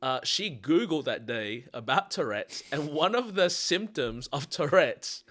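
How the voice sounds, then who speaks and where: A man's voice: a little high, measured pace. A man with an Australian accent, chatting casually as a podcast co-host and telling stories with animation. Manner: animated storyteller, laughs through his stories.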